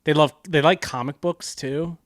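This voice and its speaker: A man co-hosting a casual comedy podcast, ranting and swearing, swinging from low mumbles to loud outbursts. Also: steady tone, normal speed, dry recording, clean studio sound. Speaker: podcast co-host.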